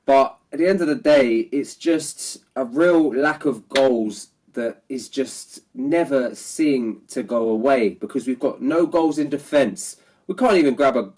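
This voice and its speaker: This is a man in the middle of a post-match fan vlog rant, his voice nasal and congested from illness. He circles back to the same points, and the frustration never quite leaves his voice. His pitch stays average for a man. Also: darkish tone. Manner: frustrated, repetitive. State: ill, nasal voice. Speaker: football fan vlogger.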